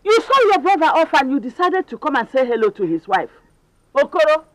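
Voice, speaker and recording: A woman's voice: high voice, big pitch swings, fairly quick. A woman with a Nigerian accent playing an angry woman who scolds a man and orders him out. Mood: scolding. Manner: scolding, commanding.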